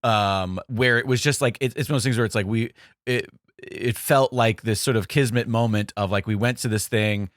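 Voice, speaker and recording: A man with a lower voice chats casually on a podcast. He talks in loose, filler-heavy sentences and reacts quickly to his co-host. The sound is close and dry. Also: no echo. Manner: chatty, many fillers, quick reactions and backchannels. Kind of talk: casual conversation.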